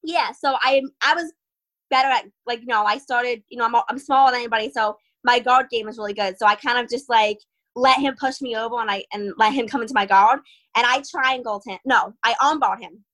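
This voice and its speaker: A young woman with a bright, forceful voice pitched a little high tells a story as an interview guest. She is animated, laughs often and acts out the lines of people in her story. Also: a little fast, low-quality recording. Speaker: guest fighter.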